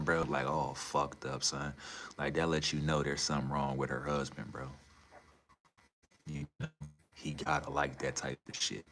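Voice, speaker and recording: A young man chatting casually on a livestream, animated and profane, swinging between low mutters and loud incredulous outbursts. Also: moderate pace.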